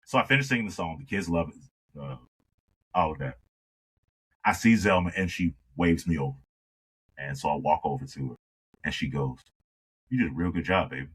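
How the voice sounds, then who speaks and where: A man, a singer telling an animated story in a conversation and acting out the dialogue. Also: very deep voice, normal speed, long pauses, a little hiss or hum, low-quality recording. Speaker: singer, interview guest.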